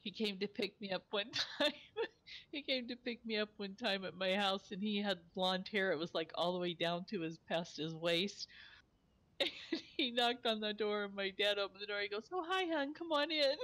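A woman's voice: medium pitch, normal speed, fairly bright tone. A woman streamer chatting casually while gaming with friends, telling stories and laughing easily.

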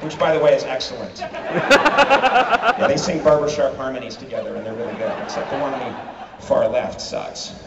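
A man performing an animated stand-up comedy routine in a large theater, shouting punchlines over a loud crowd. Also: medium pitch, moderate pace, heavy background noise. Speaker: comedian on stage. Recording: far, roomy, lo-fi concert audio with loud crowd. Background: loud audience laughter and cheering.

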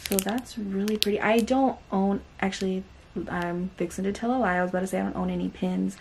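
Casting note: woman, unboxing vlogger, excitable and gushing, with a gravelly, creaky edge and a faint hiss behind her. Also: medium pitch, a little fast. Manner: gushing and excitable, chatty with many fillers. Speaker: booktube host. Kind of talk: casual unboxing vlog.

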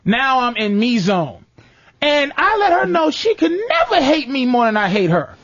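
A man hosting a talk show, telling crude comic stories in an animated, profane rant and mimicking other voices. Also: very high-pitched, normal speed. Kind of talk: profane comedic radio rant. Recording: muffled lo-fi, dry.

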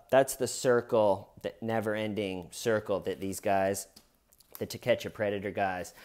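A man with a middle-pitched voice, hosting comedic true crime commentary. He talks in an animated, loose way and keeps slipping into short impressions of the people in the story. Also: smooth. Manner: animated, acts out every quote.

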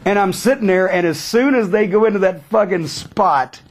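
A man telling a backstage story in a profane, sarcastic, animated way. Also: high voice, moderate pace. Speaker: storyteller guest.

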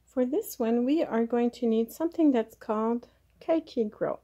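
A chatty woman with a mellow voice, a plant grower, gives a casual how-to demonstration on propagating plants. Her voice is on the high side at normal speed, and she sounds hesitant as she talks while working with her hands, recorded very close on a camera mic.

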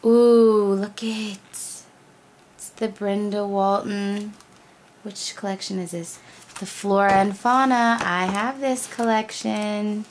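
A young woman talks to her viewers at an easy, unhurried pace. She gushes over every item she unwraps, gasping and exclaiming with delight, in a casual unboxing chat. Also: medium pitch, slight background noise. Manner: gushing and excitable, gasps and repeats "oh my gosh". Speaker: crafting vlogger.

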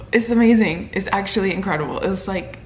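A young woman in her twenties, a medical student, talking casually to camera with lots of fillers and excited exclamations. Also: mid-range voice, moderate pace, slight background noise. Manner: excited and emotional, many fillers like "like" and "oh my God".

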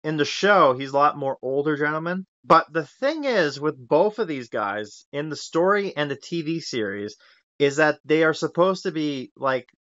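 An enthusiastic man rambles through casual podcast chat, full of fillers and restarts. His voice is bright and forward. The recording is dry, dull and lo-fi. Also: on the high side, lively intonation, normal speed, dry recording. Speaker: podcast host.

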